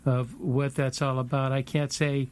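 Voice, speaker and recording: A middle-aged man hosting a talk radio show, speaking in a halting way and repeating words as he thinks. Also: mid-range voice, flat delivery, a little mellow, smooth. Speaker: host.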